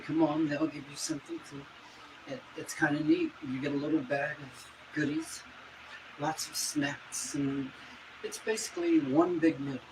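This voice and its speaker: Rambling man on a noisy livestream. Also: fairly high pitch. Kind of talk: casual livestream chat.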